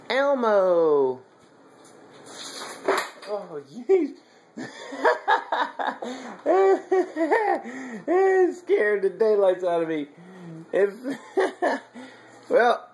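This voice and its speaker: A man's voice: sits high, darkish tone, a little hiss or hum. A man feeding his young child at home, coaxing him to say words and laughing often. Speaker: father feeding his toddler. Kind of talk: casual home video chat.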